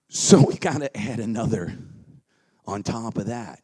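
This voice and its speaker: A man giving an energetic motivational seminar talk, leading the crowd in chants and dropping into quiet asides. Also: on the low side, a little slow, breathy edge. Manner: energetic, leads crowd chants, swings between loud calls and quiet asides.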